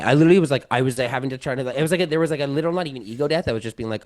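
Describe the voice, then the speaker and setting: A man chatting as a podcast guest, spinning a long anecdote with a steady mid-range voice. He rambles, fills every gap with "like" and keeps restarting his sentences. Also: mid-range voice, very fast, hardly any pauses. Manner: rambling, heavy use of "like", many restarts. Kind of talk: casual storytelling.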